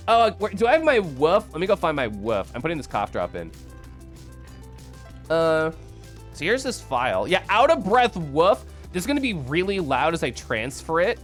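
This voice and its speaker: A man from the Midwest, hoarse, chatting casually and profanely on a livestream. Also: medium pitch, fairly bright tone. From American Midwest. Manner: loose, profane and chatty with frequent laughs. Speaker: streamer.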